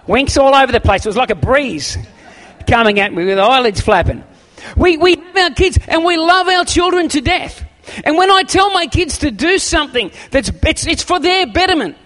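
A middle-aged pastor preaching a sermon, animated and acting out quotes, often restarting his words. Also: extremely high pitch. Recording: long hall reverb.

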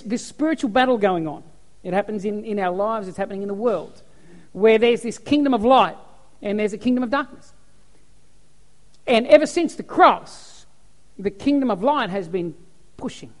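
A man preaching a sermon as pastor, animated storytelling. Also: high-pitched. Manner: animated storytelling, acts out cheering crowds. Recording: echoey hall with long reverb.

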